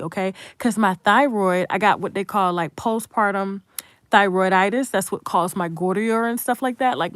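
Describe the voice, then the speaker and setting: A woman's voice: mid-range voice, no room sound, studio quality. A woman, hosting an unscripted commentary monologue in a blunt, profane, emphatic way and talking straight to viewers. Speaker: commentary channel host.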